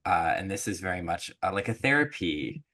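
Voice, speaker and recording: A man's voice: low voice, very animated, sharp tone. A man hosting a podcast, recapping a film in casual chat with jokes and laughter. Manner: chatty, joking, quick to laugh. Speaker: podcast host.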